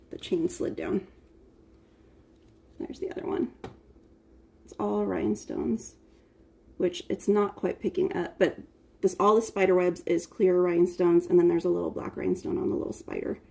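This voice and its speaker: Her mid-range voice is mellow with vocal fry as she hosts a casual cooking livestream in the United States, chatting and calling out viewers' names one by one. She is far from the phone's front camera mic.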